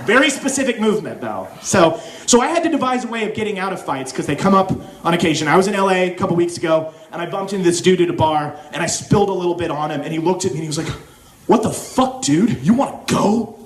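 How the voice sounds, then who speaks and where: A young man from Oklahoma doing an animated stand-up set, dropping in mock accents and silly voices. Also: high-pitched, very fast, slight background noise. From Oklahoma, USA. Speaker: stand-up comedian. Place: comedy club stage with live audience. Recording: echoey club room with crowd laughter. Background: audience laughing.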